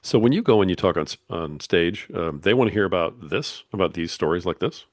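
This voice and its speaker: A male podcast host with a very low voice, asking questions in an easygoing way. He teases his guest gently and laughs along with her. The recording is dry and close. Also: lively intonation, brisk, no room sound. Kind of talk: casual interview.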